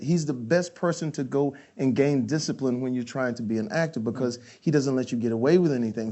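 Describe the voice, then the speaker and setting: A man's voice: on the high side, a little mellow. A man, a guest in a casual interview, telling stories animatedly and acting out scenes. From Texas. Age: 50s.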